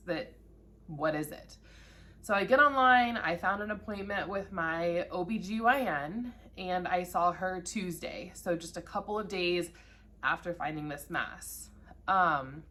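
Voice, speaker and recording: Candid low-voiced woman in her thirties. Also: fairly bright tone. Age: 30s. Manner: candid, conversational, often emotional. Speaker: vlogger sharing her own cancer story. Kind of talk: personal storytelling to camera.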